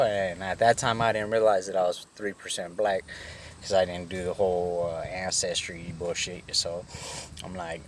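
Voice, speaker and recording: A middle-aged man with a fairly low voice tells a long story from his own life. He rambles and restarts often, with loose, profane street slang. A faint hiss of noise sits under his voice. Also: level tone, normal speed, fairly bright tone. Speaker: vlogger. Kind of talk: casual storytelling.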